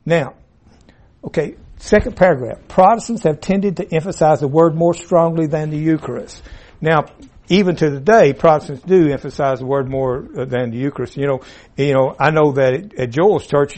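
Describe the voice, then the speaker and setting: A man's voice: fairly high pitch, a little fast, a little mellow. A man teaching an informal Bible class in a classroom, folksy and rambling with asides and restarts. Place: classroom with a board. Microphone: room mic, at times turned away.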